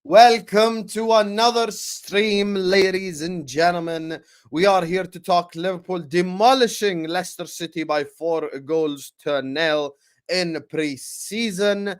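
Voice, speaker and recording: Upbeat male livestream host, slightly high. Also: takes it slowly, clean tone. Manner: energetic, hype-style announcing with frequent fillers. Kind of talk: casual livestream chat.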